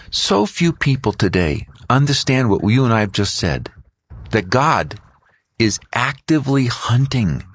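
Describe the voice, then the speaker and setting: A middle-aged man, an author and guest, telling an animated story in an interview and acting out other people's voices. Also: mid-range voice, breathy edge.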